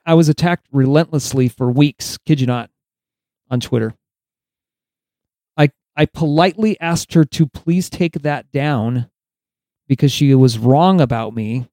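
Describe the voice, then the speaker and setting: Man, podcast host, high voice, mellow tone, sarcastic, emphatic, preachy commentary. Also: no echo. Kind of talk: opinionated solo commentary.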